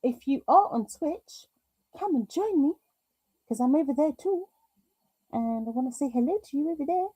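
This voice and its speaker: A British woman hosts a live craft stream, chatting away, reading viewer comments out loud and muttering to herself through technical hiccups. Her voice is high and animated, with a warm tone, a moderate pace and frequent pauses. The recording is dry.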